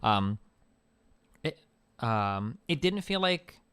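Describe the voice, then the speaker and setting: A man's voice: medium pitch, sing-song, extremely slow, a bit bright, clear, resonant tone, dry recording. An American man streaming, talking casually to his chat in a rambling, profane way full of filler words. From United States. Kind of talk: casual livestream monologue to chat.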